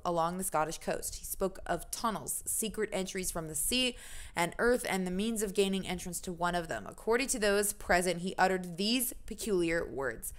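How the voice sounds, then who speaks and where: A woman's voice: lowish voice, lively intonation, moderate pace. A young American woman streaming a game, reading the game's text aloud and chatting in a rambling, self-deprecating way.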